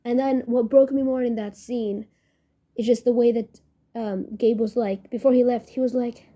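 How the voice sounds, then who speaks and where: Gushing young woman with a warm voice. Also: on the high side, steady tone, moderate pace. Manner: gushing, emotional, rambling with many "like"s. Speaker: podcast host reviewing a series. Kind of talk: casual spoken review.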